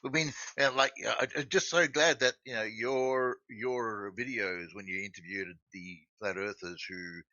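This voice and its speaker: A man calling in to a live panel show, talking haltingly with stammers and restarts. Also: on the low side, pushed and bright, no echo, highs cut off. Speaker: caller. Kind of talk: call-in chat.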